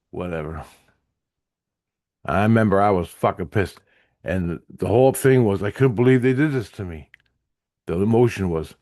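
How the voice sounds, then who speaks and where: Low-voiced, profane rambling man. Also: a little mellow, no echo, studio quality. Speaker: vlogger recounting spiritual visions. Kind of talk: casual storytelling to camera.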